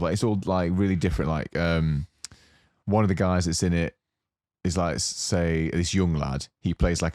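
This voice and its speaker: A young adult man co-hosting a podcast, casually telling a long story with lots of fillers and animated asides. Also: rumbling low, no room sound, studio quality. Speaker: podcast co-host. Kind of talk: casual chat.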